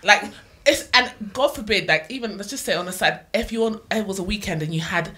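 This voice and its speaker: A woman's voice: mid-range voice, lively intonation, a little fast, pushed and bright. A young woman with a mid-range voice that rises and falls a lot as she tells stories. She chats casually on a podcast and laughs through her anecdotes. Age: 20s. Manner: chatty, laughs while telling stories. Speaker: podcast co-host. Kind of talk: casual chat.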